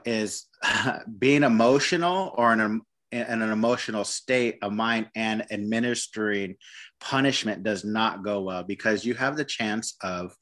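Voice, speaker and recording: A man's voice: fairly low pitch, fairly bright tone. A man talking about dog training in a casual conversation, hesitant, with many restarts and repeated words.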